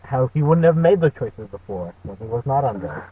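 Dry, hesitant male podcast co-host; husky voice, distant tinny audio. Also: mid-range voice, sing-song, fairly quick. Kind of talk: casual podcast chat.

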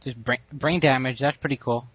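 A man's voice: medium pitch, fairly even intonation, a little fast, a bit bright, husky, no room sound, highs cut off. A young man co-hosting a casual podcast, rambling and poking fun at himself. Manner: rambling, self-mocking. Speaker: podcast co-host. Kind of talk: casual chat.

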